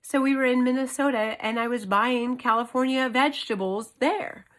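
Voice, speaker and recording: A woman in her thirties, a homeschooling mother, telling a story to her camera at home in an earnest, emphatic, animated way. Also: high voice, normal speed. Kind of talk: casual vlog monologue. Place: indoors at home.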